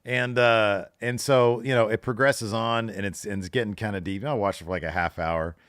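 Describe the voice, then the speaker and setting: A deep-voiced man chats loosely as a podcast co-host, leaning on "like" and "you know" as he rambles through a story. The mic is close and dry. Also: fairly even intonation, brisk, fairly bright tone, smooth, dry recording. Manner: chatty, rambling, many fillers like "like" and "you know". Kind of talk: casual chat.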